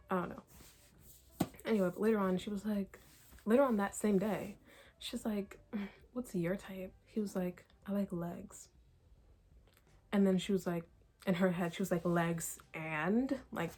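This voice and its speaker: A woman's voice: fairly low pitch, a little mellow, husky. Chatty young woman ranting about a book. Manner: exasperated, chatty, lots of fillers and laughs. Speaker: book reviewer. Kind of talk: casual ranting book review.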